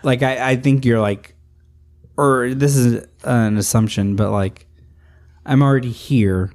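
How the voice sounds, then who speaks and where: A man taking part as a comedian in a casual round-table chat, talking in a dry, deadpan way. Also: medium pitch, measured pace. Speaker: comedian guest.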